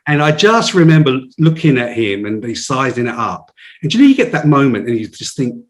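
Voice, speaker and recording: A man, a podcast guest telling a story in an animated way, often restarting his sentences. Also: mid-range voice, brisk. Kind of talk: casual storytelling.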